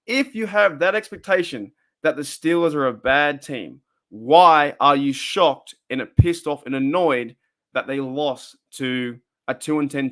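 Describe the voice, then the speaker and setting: A man's voice: medium pitch, a bit bright. A young Australian man hosting a casual live stream, rambling and repeating himself as he reads the chat.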